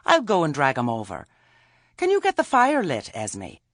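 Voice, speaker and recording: A blunt, homely old witch with a dry sense of humor, voiced by a male narrator. Her voice sits a little above his usual one, husky, and lively in its rises and falls. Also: a bass voice, normal speed, no echo, voice pushed up, heavily acted. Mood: brisk. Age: older. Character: shrewd, earthy old village witch woman.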